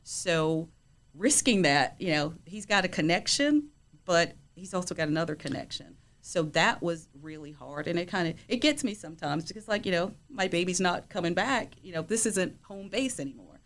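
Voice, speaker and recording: A middle-aged woman, a guest who is a player's mother, warmly tells stories about her son in a casual podcast chat, often filling gaps with "you know." Her voice is on the low side and expressive, at a moderate pace.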